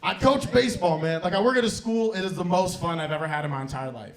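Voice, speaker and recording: A man's voice: sits high, fast. A young man hosting a comedy club night and doing a loose, profane stand-up set, often laughing at his own lines.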